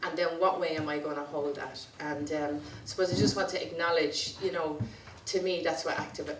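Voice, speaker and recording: Irish woman speaker, colloquial storytelling at a conference, faint room noise, lower register. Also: steady tone, moderate pace. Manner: chatty, anecdotal, colloquial. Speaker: community activist speaker. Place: conference hall. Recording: roomy sound from a distant mic.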